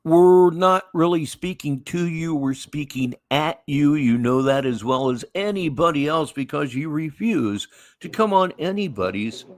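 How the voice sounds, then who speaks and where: A man's voice: a little high, animated, a little slow, no room sound. A man in his sixties hosting a livestream, telling rambling stories in a wry, casual way. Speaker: livestream host. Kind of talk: casual storytelling and live commentary.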